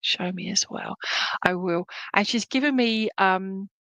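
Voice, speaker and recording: A woman's voice: medium pitch, unhurried, fairly bright tone, no room sound, poor audio. A middle-aged woman serving as a spiritualist medium, giving rambling, affectionate clairvoyant readings at an online church service, with many fillers and restarts.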